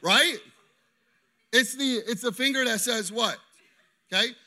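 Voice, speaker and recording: A man preaching an interactive sermon, animated and constantly checking in with his listeners. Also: extremely high pitch, a little slow. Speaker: pastor.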